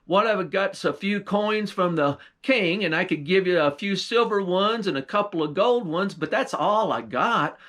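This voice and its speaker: A man's voice: high-pitched, lively intonation, normal speed, hardly any pauses, a bit bright. A man voicing an eager, nosy old country husband with a folksy drawl. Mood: bargaining. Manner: pleading, insistent, folksy drawl.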